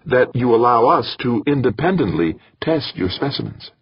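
A man's voice: mid-range voice, very animated, normal speed, breathy edge, dry recording, dull audio, voice pushed up. A man voicing an intense young female scientist who asks blunt, probing questions.

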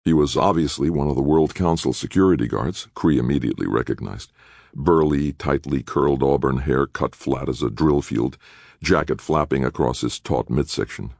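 Deep gravelly male narrator. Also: normal speed, darkish tone, no room sound, clean studio sound. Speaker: audiobook narrator. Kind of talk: scripted narration.

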